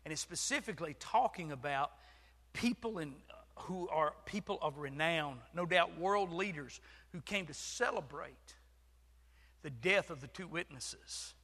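A man preaching a sermon as pastor, swinging from shouting to hushed whispers. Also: a little high, lively intonation, a little slow. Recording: long hall reverb.

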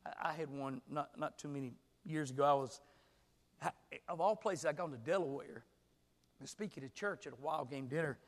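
A man preaching a sermon as pastor, swinging from hushed storytelling to shouted exclamations. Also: fairly high pitch, moderate pace, in a large hall.

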